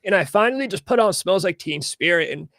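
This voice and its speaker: A man's voice: sits high, animated, brisk, creaky, fairly bright tone, no echo, clean studio sound. A man in a casual podcast chat, laid-back and laughing along, telling rambling stories about music. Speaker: podcast co-host.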